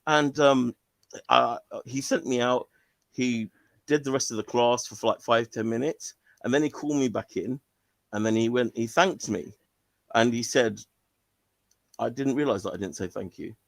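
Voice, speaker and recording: A male caller telling a story on a call-in stream in an animated way, laughing and restarting often. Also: mid-range voice, moderate pace, vocal fry, no room sound.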